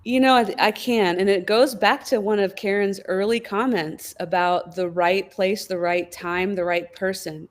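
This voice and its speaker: A woman speaking as a guest on a workplace wellbeing panel, thoughtful and lively, now and then acting out what people think. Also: medium pitch, a little slow, hardly any pauses. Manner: thoughtful, lively, acts out quoted inner voices. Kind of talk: panel discussion.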